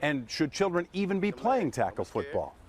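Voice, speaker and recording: A man's voice: on the high side, normal speed, heavy background noise. A male TV news reporter reading a scripted voice-over report. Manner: lively scripted narration.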